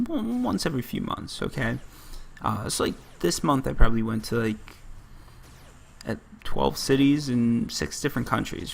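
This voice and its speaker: Gravelly rambling American gamer guy. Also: medium pitch. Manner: rambling, self-interrupting, lots of "like". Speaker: gaming channel host. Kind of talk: rambling gameplay commentary.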